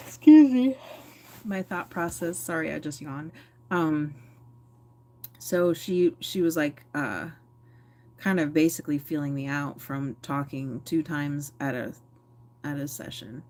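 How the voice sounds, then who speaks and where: A woman's voice: sits low, a little mellow. A woman vlogger talking candidly to camera, reflective and rambling, with many fillers and self-corrections. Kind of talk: candid personal talk to camera.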